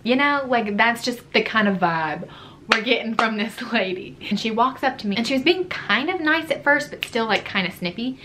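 A woman's voice: a little high, lively intonation, normal speed, background noise. A young adult woman vlogger telling a story in a casual, chatty way, full of "like". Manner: chatty, fillers like "like" throughout.

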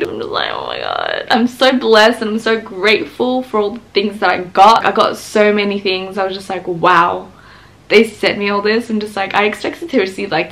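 Excitable young woman vlogging at home. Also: mid-range voice. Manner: chatty, excitable, laughs often. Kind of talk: casual vlog chat. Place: at home, indoors. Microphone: handheld camera.

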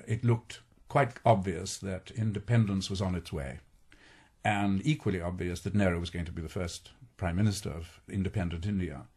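A man in his late sixties, raised in Scotland, speaking with an English received pronunciation accent in a measured, anecdotal radio interview, recorded as an archival radio broadcast. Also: on the low side, husky. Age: 60s. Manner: measured, anecdotal, slips into quoted voices. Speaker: actor being interviewed.

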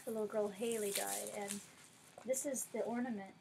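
A woman unboxing gifts in a casual vlog, gushing over each one and dropping to a softer tone when she explains. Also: medium pitch, steady tone, moderate pace, creaky, noisy background. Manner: gushing, effusive. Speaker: vlogger.

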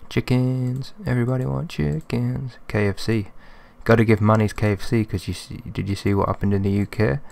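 A young man giving chatty let's-play commentary, thinking aloud and getting excitable. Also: mid-range voice, a little fast, creaky, few pauses. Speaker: gaming commentator.

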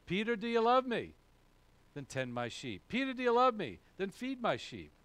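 A man acting out a gentle Jesus, earnest, repeating a question, voice rising high, pitched a little above the usual male range. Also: wildly swooping pitch, normal speed, clean tone, no room sound, heavily acted.

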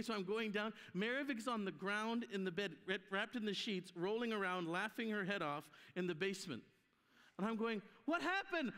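A high-voiced guest preacher gives an animated sermon built around stories, acting out the voices in them. His delivery in the church hall reaches us through live stream sound, wrapped in long hall reverb.

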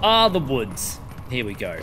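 A man hosting a gameplay video, talking in an excitable, rambling way. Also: mid-range voice, unhurried. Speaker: let's play host. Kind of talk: gameplay commentary. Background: game music.

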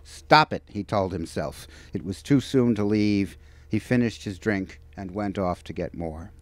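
A novelist reading from his book at a bookstore event, in a measured, expressive manner. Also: lowish voice, no room sound.

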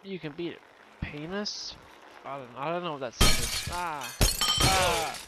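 A young man with an Australian accent, giving excitable let's-play commentary with sudden yelps and loud outbursts. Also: a little high, unhurried. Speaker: gaming channel host. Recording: noisy home recording.

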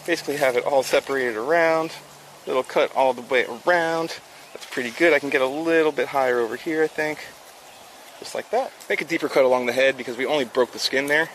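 A South Florida man hosts a fishing livestream outdoors, casually chatting with viewers as he works. His medium-pitched voice is fairly quick and a bit bright, with a little hiss or hum in the background. He's upbeat and chatty, giving casual live-stream instruction.

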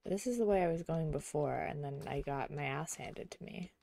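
A young adult woman streaming a video game, chatting casually and giggling, often murmuring quietly to herself. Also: low-pitched, normal speed, gravelly. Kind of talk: casual gameplay chat.

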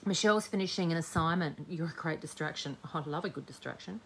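A woman's voice: low-pitched, fast, a little hiss or hum. A woman hosting a live-streamed crafting demo, chatting cheekily with her viewers as she works. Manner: chatty, cheeky, talks while working. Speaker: scrapbooking host.

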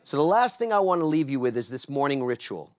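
Animated middle-aged man giving a motivational talk. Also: medium pitch, quick pace. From New York. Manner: animated, coaxes the audience to answer back. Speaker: speaker. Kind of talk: motivational talk to a live audience.

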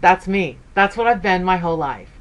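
A woman's voice: lively intonation, moderate pace. A woman in her fifties telling stories in a casual, chatty way, with lots of "okay"s, and jumping her voice up for quoted lines. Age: 50s. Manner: acts out quoted voices with big pitch jumps. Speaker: sewing vlogger. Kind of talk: casual chat.

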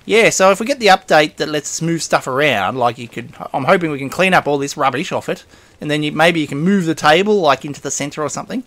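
A man's voice: on the high side, lively intonation, quick pace, fairly bright tone, dry recording. A man giving casual, rambling let's-play commentary as a gaming host. He talks to himself as he plays and chuckles often.

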